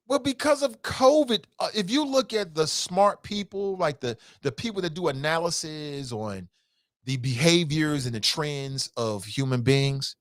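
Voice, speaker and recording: A man hosting a casual call-in talk show, reading out listener comments and reacting with emphatic, animated commentary and frequent repetition. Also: fairly high pitch, normal speed, no echo, clean studio sound. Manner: animated, emphatic, rises sharply when incredulous; conversational, repeats himself for emphasis.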